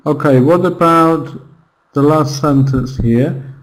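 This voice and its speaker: Man as a patient tutor, very unhurried delivery, drawn-out examples. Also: on the high side, rough recording. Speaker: English pronunciation teacher. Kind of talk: online class lesson.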